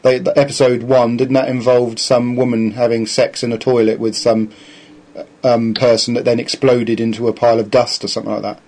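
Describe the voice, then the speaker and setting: Male podcast co-host, loose and rambling, mid-pitched everyday voice. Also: little pitch movement, a little fast, a little mellow, rough recording. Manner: rambling, with restarts and laughs. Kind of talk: casual chat.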